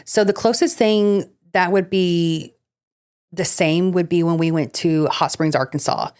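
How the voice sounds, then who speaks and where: Low-voiced chatty woman co-hosting a podcast. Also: a little slow, a little mellow, clear, resonant tone. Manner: chatty, filler-heavy, laughs easily. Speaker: podcast co-host. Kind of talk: casual chat; reading ghost-story notes between chat.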